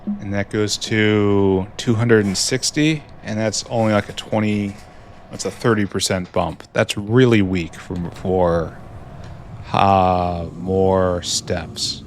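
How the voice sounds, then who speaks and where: Slow, low-voiced man musing over a game. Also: steady tone, a little hiss or hum. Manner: musing, talks to himself, dry self-mockery. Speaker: gameplay streamer. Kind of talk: casual commentary.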